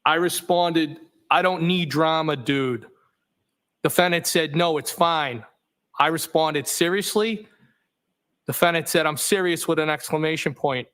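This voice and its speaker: A man testifying as a trial witness, reading text messages aloud in a steady, matter-of-fact way, saying the punctuation out loud. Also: fairly high pitch, measured pace. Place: courtroom.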